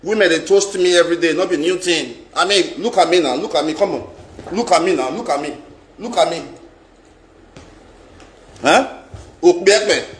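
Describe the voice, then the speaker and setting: A man's voice: on the high side, normal speed, long pauses. A middle-aged Nigerian man telling a personal story in a vlog. He talks dramatically, repeats lines for emphasis and mixes in Pidgin. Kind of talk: animated storytelling monologue. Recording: roomy echo.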